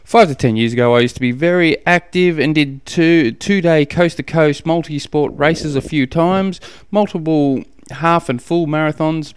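Male solo podcaster, chatty and self-deprecating, smooth clear voice, dry close mic. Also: a little high, normal speed, hardly any pauses, no room sound. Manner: rambling, self-deprecating, chatty with many fillers. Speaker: podcast host. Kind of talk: casual solo podcast answering listener questions. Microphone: studio podcast microphone.

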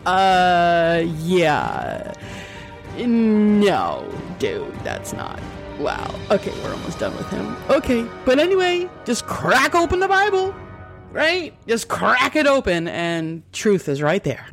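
A woman's voice: medium pitch, wildly swooping pitch, slow, vocal fry, over music. A woman reading Bible verses aloud as a commentary host and breaking off into sarcastic, exclamatory asides.

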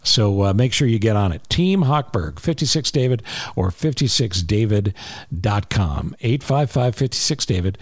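A man's voice: fairly low pitch, animated, normal speed, no room sound, clean studio sound. A man hosting a podcast, reading an ad and a charity plug in a chatty, emphatic way that repeats key points. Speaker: podcast host. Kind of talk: casual podcast talk with ad read.

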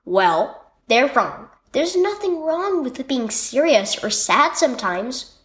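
A woman reading a children's story aloud, voicing a gentle aunt who reassures and explains things to her niece. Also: high-pitched, very animated, takes it slowly, pitched above the performer's own voice, exaggerated voice. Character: gentle, comforting adult aunt.

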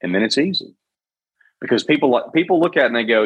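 A man's voice: mid-range voice, lively intonation, fast talker, husky, no room sound, poor audio. A man on a video call, explaining ideas in a coaching way and asking rhetorical questions. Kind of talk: casual podcast chat. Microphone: video call microphone.

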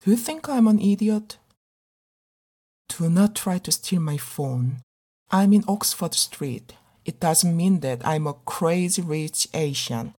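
A middle-aged woman actor performing a dramatic monologue in an earnest, pleading, measured way. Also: fairly low pitch, lively intonation, mellow. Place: living abroad as a migrant in a big city.

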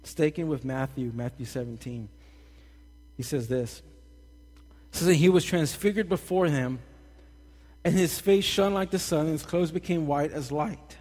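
Young guy preaching, kinda high voice, jokey and animated, hall reverb. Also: normal speed, long pauses, soft background music. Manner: animated, jokey asides, acts out quotes. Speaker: pastor. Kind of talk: casual sermon.

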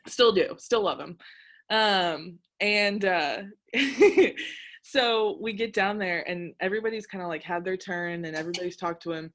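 A young woman hosting a casual chat, telling a story in an animated, excitable way with lots of filler words. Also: on the low side, unhurried. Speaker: podcast host.

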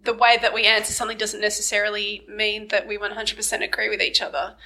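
A woman co-hosting a podcast in casual chat, frank and quick to laugh. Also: mid-range voice, flat delivery, sharp tone, poor audio. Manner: frank, laughs easily, swears in quotes. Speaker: podcast co-host.

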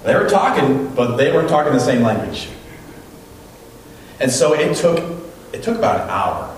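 A man's voice: medium pitch, normal speed, slight background noise. A man preaching a sermon as a pastor, telling stories and acting out what people said. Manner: animated storytelling, acting out quotes. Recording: very echoey room, mic at a distance.

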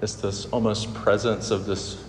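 A man's voice: fairly low pitch, little pitch movement, a little slow, background noise. A man preaching a sermon in a loose, conversational way, with asides and light humor. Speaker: pastor. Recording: echoey hall with long reverb.

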